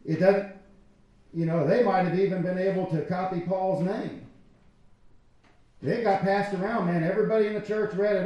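A man's voice: high-pitched, steady tone, normal speed, long pauses, warm tone. A man preaching a sermon as pastor, talking conversationally and acting out quotes from people. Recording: echoey church hall.

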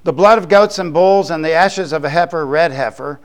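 A man preaching as a pastor, explaining scripture in a conversational way with quick asides. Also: fairly high pitch. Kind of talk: sermon.

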